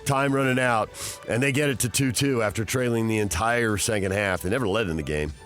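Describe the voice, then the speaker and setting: Lower-voiced male radio host, steady and informative, with segment and sponsor reads. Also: soft background music. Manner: measured, informative. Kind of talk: sports radio hosting and reads.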